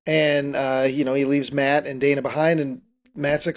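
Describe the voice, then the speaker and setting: A man's voice: fairly high pitch, level tone, normal speed. Podcast host, male, slightly raised voice, rambling casual recap, muffled lo-fi sound. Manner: rambling recap with frequent restarts and laughs. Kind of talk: casual movie recap chat.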